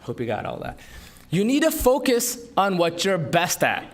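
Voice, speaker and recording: A man giving a business talk to an audience, with an emphatic, lively delivery and rhetorical questions. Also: high-pitched, moderate pace. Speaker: entrepreneur speaker. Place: conference room.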